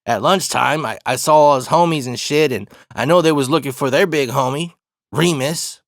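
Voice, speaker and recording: A man from Arizona casually telling a personal story, profane and slang-heavy, with animated retelling. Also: mid-range voice, moderate pace, no room sound, clean studio sound. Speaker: storyteller host.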